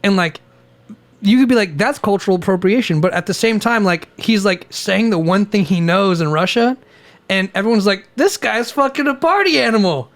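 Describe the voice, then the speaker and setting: A young man with a fairly high speaking voice co-hosts a relaxed beer-drinking podcast. He rambles through his points, restarts sentences and laughs often. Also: normal speed. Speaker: podcast co-host. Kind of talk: casual chat over beers.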